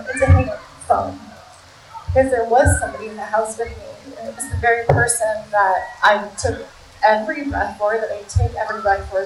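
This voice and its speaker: A woman in her thirties telling a personal story to a crowd, chatty and animated and forever saying "like". Her voice sits at an ordinary middle pitch. It is caught from some distance in a roomy, echoing space with a faint hum of ambience behind her. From United States (Maryland). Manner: chatty, animated, heavy use of "like".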